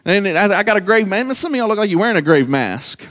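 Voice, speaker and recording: High-pitched man preaching, stumbles over words, calls out to the church, long hall echo. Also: sing-song, fairly bright tone. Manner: halting, repeats words, calls out to congregation. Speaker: pastor. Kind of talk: sermon. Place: church sanctuary.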